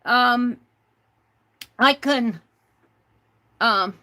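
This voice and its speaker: A woman's voice: fairly high pitch, very slow, bright, forceful tone. A woman hosting a casual livestream, chatting with viewers, reading their comments aloud and spelling out words letter by letter. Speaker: livestream host.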